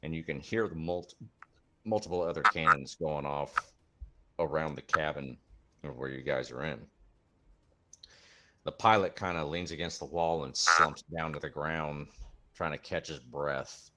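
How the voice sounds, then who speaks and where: A man's voice: rumbling low, unhurried, long pauses, bright, forceful tone. A man serving as game master, narrating a tabletop game scene with spoken sound effects.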